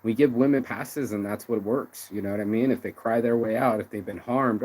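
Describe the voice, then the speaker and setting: A man's voice: fairly low pitch, fairly quick, few pauses, a little mellow, low-quality recording. A man hosting and reacting to a clip with blunt, sarcastic, profane commentary. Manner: blunt, sarcastic, swears freely.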